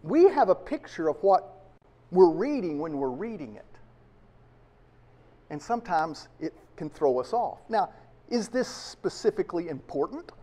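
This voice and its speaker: An American pastor preaches a sermon to his congregation, his high, dark-toned voice swinging widely in pitch at a slightly slow pace. He's emphatic and leans heavily on rhetorical questions.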